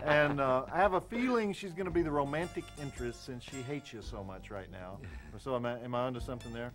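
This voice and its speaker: A man with a Southern US accent hosting a talk show, teasing his guest with deadpan jokes. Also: mid-range voice, quick pace, music in the background. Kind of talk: comedic talk show banter.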